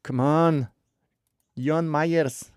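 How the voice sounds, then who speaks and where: A man hosting a live podcast stream in casual chat, joking and thinking out loud while he waits for a guest. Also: on the high side, steady tone, extremely slow, clear, resonant tone, no room sound, studio quality. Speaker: podcast host.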